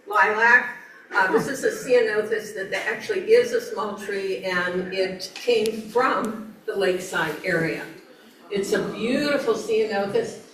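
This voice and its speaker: At an outdoor garden event, a woman with a medium-pitched, fairly bright voice gives an informal talk about plants. She's chatty, with frequent laughs and fillers. The recording is roomy, with a distant mic and faint ambience.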